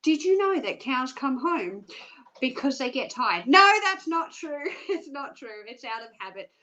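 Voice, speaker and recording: A bubbly young Australian woman hosts a live stream, chatty and full of jokey asides. Her voice is high and bright with a sharp edge. She presents with upbeat energy. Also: sing-song, unhurried, highs cut off.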